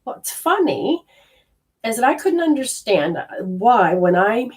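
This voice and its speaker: A middle-aged woman from Australia telling a personal story in a casual way, acting out her own inner voices with sudden jumps in pitch. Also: big pitch swings, slow pace, a little mellow. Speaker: energy healing teacher.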